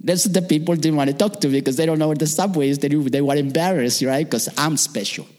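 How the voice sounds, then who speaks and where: A man doing a stand-up comedy story, animated and swinging into loud, high quoted voices of himself and strangers. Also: fast, long reverb tail.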